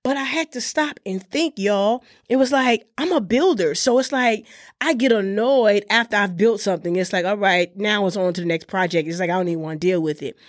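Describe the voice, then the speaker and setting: A woman's voice: medium pitch, fairly quick, no room sound. A woman hosting her own podcast in a home studio, talking casually and calling her listeners honey and y'all. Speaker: podcast host. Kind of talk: casual solo podcast talk. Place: garage turned into a home studio.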